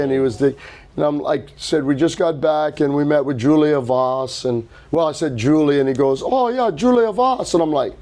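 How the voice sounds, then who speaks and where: A middle-aged man and record label founder telling an animated anecdote at an indoor hi-fi event, acting out quotes and swearing casually. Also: a little high. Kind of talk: casual storytelling interview.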